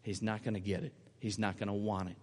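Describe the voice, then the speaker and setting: A man's voice: lowish voice, flat delivery, fast, darkish tone, long reverb tail, pitched below the performer's own voice, lightly acted. A man voicing a young islander man who has just come to faith, speaking eagerly and plainly. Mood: earnest. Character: earnest young islander man, new believer.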